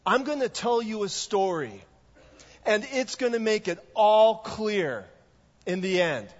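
A man's voice: high-pitched, lively intonation, takes it slowly. A man voicing a laid-back young hippie man who insists on his point, in a casual, emphatic way. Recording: echoey hall, dull lo-fi sound.

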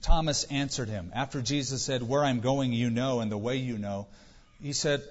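A male pastor preaches conversationally, asking rhetorical questions and dropping dry jokes. His voice is husky and mid-pitched. The recording sounds dull and lo-fi, with long reverb from a large hall. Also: normal speed. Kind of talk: sermon.

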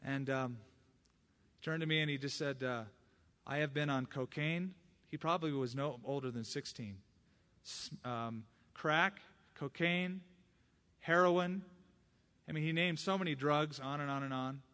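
A man's voice: a little high, a little slow, long pauses. A man preaching a sermon with personal stories, acting out the voices of the people he quotes. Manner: expressive preaching that acts out quoted speech; personal testimony.

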